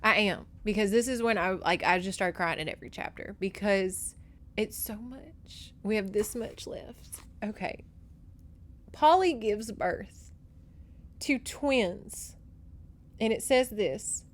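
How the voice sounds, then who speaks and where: A woman's voice: medium pitch, unhurried. A young woman hosting a casual book recap podcast, chatty, emotional and swearing freely. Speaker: podcast host.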